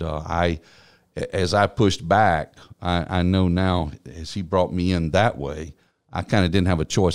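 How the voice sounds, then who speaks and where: A man with a very low voice tells his personal testimony in an interview. His storytelling is earnest and reflective. He speaks as someone who serves on a church staff. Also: a little mellow. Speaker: church business administrator.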